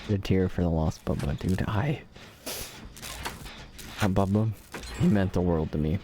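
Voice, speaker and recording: A man streams a video game with live commentary, joking and mock-dramatic, and talks back to the characters on screen. His voice is low and dark, at a normal speed.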